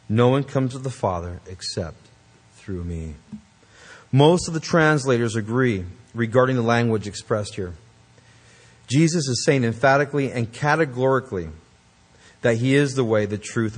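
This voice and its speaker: A man's voice: mid-range voice, lively intonation, moderate pace. A man preaching a sermon, emphatic and earnest, with conversational asides to the congregation. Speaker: pastor.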